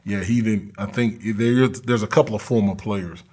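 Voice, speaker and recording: A man's voice: fairly low pitch, steady tone, moderate pace, a little mellow, breathy edge. A man who coaches college football, talking earnestly and plainly in an interview, with frequent ums and uhs. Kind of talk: conversational interview.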